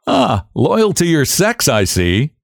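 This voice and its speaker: A man's voice: fairly high pitch, huge pitch swings, slow pace, creaky, no echo, studio quality, pitched above the performer's own voice, heavily acted. A man voicing a smug, patronizing young county attorney in an audiobook.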